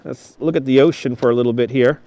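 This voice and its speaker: Quick-paced and mellow, this mid-range voice belongs to a man in his thirties with fairly even intonation. He live-streams outdoors on a snowy beach, chatting with viewers, calling them by name and laughing frequently. A wireless clip-on mic picks him up with no echo.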